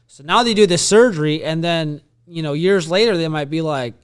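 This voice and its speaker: A man co-hosting a Christian podcast, talking in an animated way as he builds up his points. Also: on the high side, moderate pace, clear, resonant tone. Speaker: podcast co-host. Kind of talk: conversational Christian podcast discussion.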